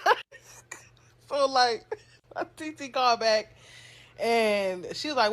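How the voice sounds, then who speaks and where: A young woman telling a casual storytime, animated, laughing often and swearing freely. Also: mid-range voice, takes it slowly, long pauses.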